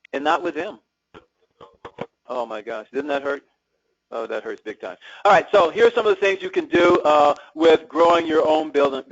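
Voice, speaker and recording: A man's voice: on the high side, dry recording. A man leading a real estate seminar, chatting with the audience and asking them questions as he goes. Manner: conversational, asks the audience questions. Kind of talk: live seminar talk to an audience. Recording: dull lo-fi seminar recording.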